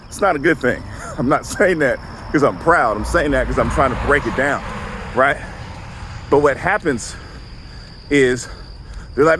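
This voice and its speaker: His medium-pitched, slightly bright voice moves unhurriedly, with long pauses, against slight background noise. A Southern-accented counselor and vlogger in his forties from the Southern US, he walks outdoors sharing an earnest, conversational reflective monologue full of check-ins.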